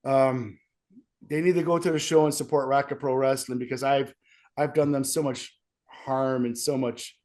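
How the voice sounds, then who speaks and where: A man's voice: mid-range voice, fairly even intonation, normal speed, a little mellow. A young man, a wrestler with sore ribs, rambling and self-pitying in a casual interview. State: sore ribs, wincing in pain.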